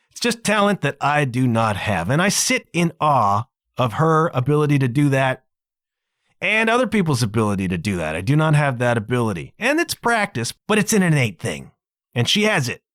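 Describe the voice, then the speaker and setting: A man's voice: mid-range voice, sing-song, normal speed, fairly bright tone, dry recording, clean studio sound. A man hosting a music podcast, talking casually and with enthusiasm, often tacking "man" onto his sentences. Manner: enthusiastic, chatty, says "man" a lot. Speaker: podcast host.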